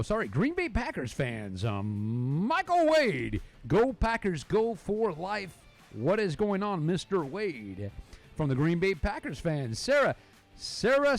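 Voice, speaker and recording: A man hosting a live sports talk show, playful and rambling as he jokes and reads out viewer comments. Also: sits high.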